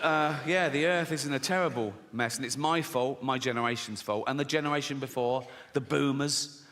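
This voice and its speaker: Here a middle-aged man works a large theatre stage with sardonic, sweary comedy, chuckling at his own punchlines. The voice is mid-range, a bit bright, and moderately paced, recorded with live hall reverb and faint noise.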